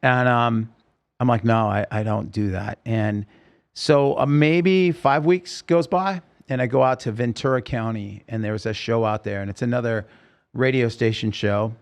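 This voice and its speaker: A middle-aged man telling a story as a podcast guest, lively and acting out the voices of the people he quotes. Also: medium pitch, normal speed. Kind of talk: casual storytelling interview.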